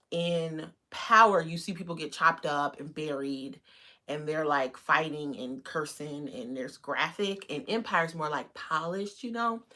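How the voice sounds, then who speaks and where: Chatty woman rambling on a live stream, kinda low voice but bright and forceful, lots of "like"s. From United States. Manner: chatty, rambling, many fillers; greets viewers in a bright high voice. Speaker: livestream host. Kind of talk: casual live-stream chat.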